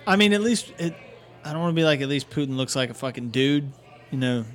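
A man's voice: medium pitch, expressive, fast talker. A man co-hosting a comedy podcast, talking crudely and swearing often in casual banter. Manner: crude, heavy swearing, joking. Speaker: podcast co-host.

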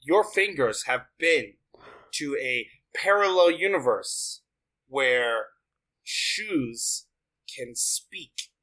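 A man chatting as a podcast guest and game player, joking with quick, absurd quips. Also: mid-range voice, animated, sharp tone, poor audio. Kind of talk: casual chat.

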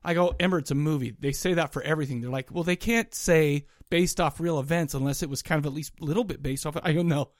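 A man's voice: on the high side, fast, hardly any pauses, no room sound, studio quality. A man co-hosting a podcast in casual chat, rambling and cutting himself off. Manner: rambling, self-interrupting. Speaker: podcast co-host.

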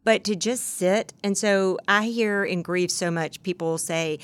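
A woman's voice: mid-range voice, lively intonation, normal speed, few pauses. A woman co-hosting a podcast, chatting casually and telling stories with quoted dialogue. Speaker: podcast co-host. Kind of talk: casual chat.

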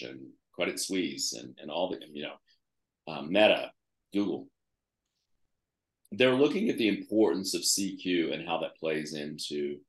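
Very deep-voiced man in echoey room. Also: a bit bright. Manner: conversational, lists examples with fillers. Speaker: guest author. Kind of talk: interview.

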